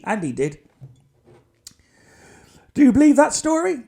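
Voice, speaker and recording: A man with a fairly high voice tells a long story on his podcast. He rambles from one thing to the next in a casual way and keeps dropping dry little asides. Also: huge pitch swings, unhurried, creaky, long pauses, mellow. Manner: chatty, digressive, wry asides. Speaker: podcast host.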